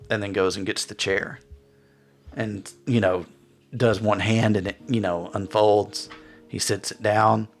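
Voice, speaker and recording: Man, game master, low voice, rambling narration, fillers, faint background music. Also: fairly bright tone. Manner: loose, rambling, full of fillers.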